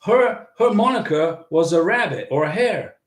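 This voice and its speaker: A man's voice: high-pitched, expressive, normal speed, roomy sound. A man hosting a casual livestream, rambling and answering viewers' chat comments. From United States. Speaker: livestream host.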